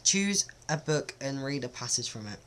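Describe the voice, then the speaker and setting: A man's voice: mid-range voice, expressive, normal speed, fairly bright tone, slight background noise. A man talks casually to camera in a vlog, hesitant and self-conscious, with many ums. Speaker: vlogger. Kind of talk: casual accent-test vlog.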